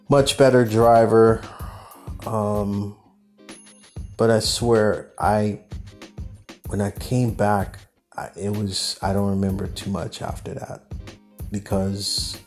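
A man hosting a podcast, telling a personal story in a rambling, animated way and acting out what people said. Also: lowish voice. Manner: rambling, animated, acts out quotes. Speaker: podcast host.

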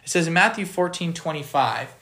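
A man's voice: on the high side, lively intonation, brisk, bright, forceful tone. A man giving a conversational Bible teaching on a podcast, earnest and explanatory, stopping to put questions to his listeners. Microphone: podcast microphone.

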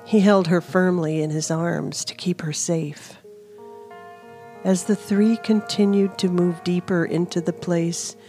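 A woman narrating a fantasy audiobook in a steady storytelling manner, with fantasy music playing behind her. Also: fairly low pitch.

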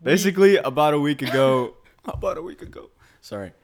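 A man co-hosting a podcast, telling a story in a rambling, halting way with many fillers. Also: fairly high pitch, lively intonation. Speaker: podcast co-host. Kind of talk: casual chat.

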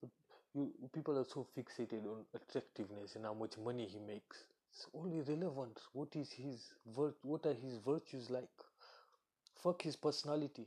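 A man's voice: medium pitch, warm tone, husky. A man in a casual solo monologue, talking bluntly with heavy swearing and acting out what other people say. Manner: blunt, profane, ranting; acts out quoted voices. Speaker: commentator.

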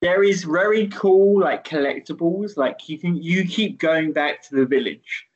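A man's voice: fairly high pitch, unhurried. Teasing man on a dull lo-fi line. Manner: teasing, rambling with restarts. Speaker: podcast host. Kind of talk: casual chat.

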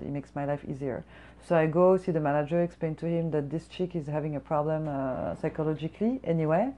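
A woman's voice: on the low side, warm tone. A woman who works as a restaurant server, telling a casual storytime rant in a heated, profane way. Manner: profane, heated, fast-talking.

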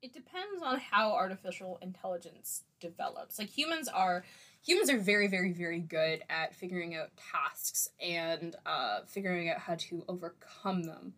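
A woman's voice: lowish voice, expressive, normal speed, a bit bright. A woman co-hosting a casual chat, blunt and joking, who swears freely.

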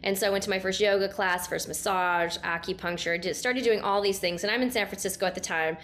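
Animated woman telling a personal story. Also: mid-range voice, fast, a little hiss or hum. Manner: animated, laughing, acts out her own past lines. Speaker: guest, sound healing practitioner. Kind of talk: storytelling in a casual interview.

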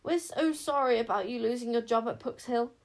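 A woman voicing an eager, brave young girl who speaks excitedly. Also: fairly high pitch, a little fast, lightly acted.

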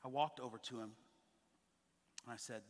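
A man in his thirties preaching a sermon as a pastor, telling stories with lively acted-out quotes. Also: mid-range voice, normal speed, in a large hall. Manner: animated storytelling, acting out quoted voices. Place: church sanctuary.

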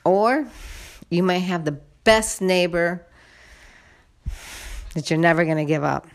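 A woman's voice: fairly low pitch, takes it slowly. A woman telling viewers a personal story in a casual, indignant, venting way, addressing them directly. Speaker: vlogger.

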